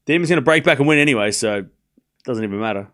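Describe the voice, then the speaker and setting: A man's voice: mid-range voice, lively intonation, very fast, fairly bright tone. A young man hosting a live tennis watchalong, calling scores and answering chat with joking mock anger. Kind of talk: casual live watchalong commentary, reading chat.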